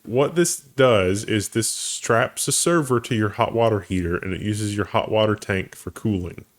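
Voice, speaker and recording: Male co-host, lower voice, loose conversational tech chat, self-correcting. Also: normal speed. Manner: thinks aloud, restarts phrases, laughs easily. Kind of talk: casual tech news discussion.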